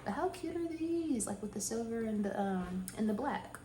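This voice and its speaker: A young woman chatting casually in her vlog, excitable and quick to squeal and gasp. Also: a little high, very noisy. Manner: chatty and excitable, squeals and gasps when thrilled. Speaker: vlogger.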